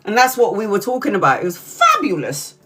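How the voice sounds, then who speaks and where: A woman's voice: mid-range voice, huge pitch swings, a little fast, over music. Middle-aged woman streamer: loose, profane, laughing storyteller. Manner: swears constantly and laughs through the story. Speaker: tarot reader streamer. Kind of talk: casual live-stream storytelling.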